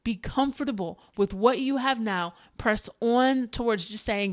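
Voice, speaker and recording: Earnest, higher-voiced woman exhorting listeners. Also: no room sound, studio quality. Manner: earnest, exhorting, repeats phrases for emphasis; conversational with fillers and quick asides. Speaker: podcast host. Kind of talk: faith-based encouragement monologue.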